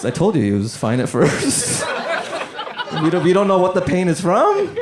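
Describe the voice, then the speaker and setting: A man's voice: high-pitched, wildly swooping pitch, moderate pace. A man doing stand-up comedy, trying out new material in a loose, rambling way on a comedy club stage. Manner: loose, rambling, full of "like" fillers. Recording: live comedy club with crowd laughter.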